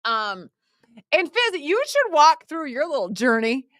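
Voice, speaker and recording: A woman's voice: high-pitched, very animated, measured pace, fairly bright tone, dry recording, clean studio sound. A woman co-hosting a radio show, teasing her co-host and laughing in casual chat.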